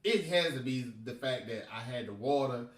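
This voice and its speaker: A man spins a profane, emphatic tale, leaning hard on the punchlines. His voice sits at an ordinary pitch. He sounds a little off-mic, in an echoey room. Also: normal speed. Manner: animated, profane, emphatic retelling. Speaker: podcast storyteller. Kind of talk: casual storytelling. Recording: roomy and distant from the mic.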